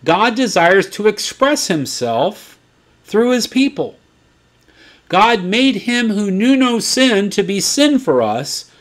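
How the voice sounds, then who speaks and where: A man in his fifties teaching from the Bible in a sermon style, swinging between quiet asides and excited high points. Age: 50s. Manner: animated, swings from low asides to excited peaks.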